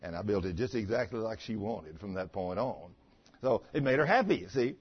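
A man's voice: lowish voice, animated, normal speed, breathy edge. Folksy man preaching. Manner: folksy, chatty, stammering restarts. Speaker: pastor. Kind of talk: sermon with personal storytelling. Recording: muffled lo-fi recording.

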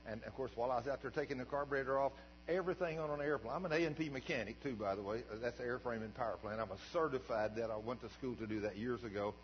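An older man preaching as a pastor, telling a story in a folksy, animated way that swings from quiet asides to shouts. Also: medium pitch. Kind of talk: sermon storytelling. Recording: dull recording with long hall reverb and mains hum.

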